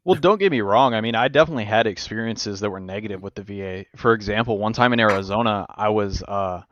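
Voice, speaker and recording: Profane, animated male podcast host. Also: fairly low pitch, quick pace, dry recording, highs cut off. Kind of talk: casual chat.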